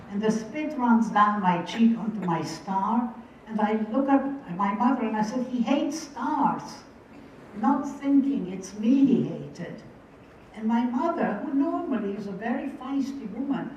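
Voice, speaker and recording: A woman's voice: mid-range voice, a little mellow, slight background noise. Older Hungarian-born woman telling her story, echoey hall. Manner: wry, vivid storyteller who quotes voices. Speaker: Holocaust survivor speaker. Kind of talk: personal storytelling talk. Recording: distant, dull, very echoey hall.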